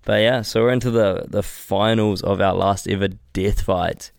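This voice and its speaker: Low, gravelly New man, crude joking podcast co-host, dry close mic. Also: fairly even intonation, moderate pace, no echo. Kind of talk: casual comedy podcast chat.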